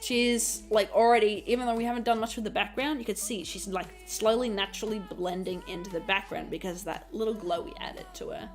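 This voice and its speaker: A woman's voice: mid-range voice, fairly even intonation, brisk, hardly any pauses, faint music behind. A woman from Australia. She streams and chats casually while explaining her digital painting, giggling and repeating phrases, a bit under the weather and coughing. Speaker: streamer and artist.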